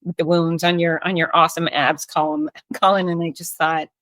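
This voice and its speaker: Bright emphatic woman host. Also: low voice, little pitch movement, fairly quick, no room sound. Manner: warm-hearted, emphatic, chatty. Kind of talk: interview conversation.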